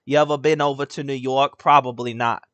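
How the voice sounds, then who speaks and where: A man's voice: mid-range voice, fairly even intonation, brisk, fairly bright tone, no room sound. A young man live-streaming a video game, joking, swearing freely and chatting with his viewers. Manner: joking, profane, laughs a lot, talks to chat. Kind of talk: casual live-stream commentary.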